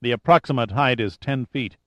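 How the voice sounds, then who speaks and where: A man reading an audiobook, voicing a calm, precise male adventurer close to his own voice. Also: medium pitch, a little fast, no echo, natural voice.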